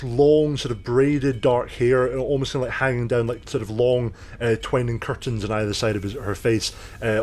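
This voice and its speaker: A man's voice: medium pitch, a little mellow. Guy running a tabletop game, rambly, lots of uhs, medium voice. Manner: rambling, many fillers. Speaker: game master.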